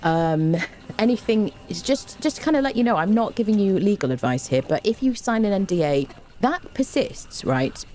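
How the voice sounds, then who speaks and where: A woman's voice: mid-range voice, big pitch swings, normal speed, mellow, a little hiss or hum. A woman chatting on a live stream from home into a desk microphone, bubbly and overexcited, rambling eagerly to her viewers. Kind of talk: casual live stream chat.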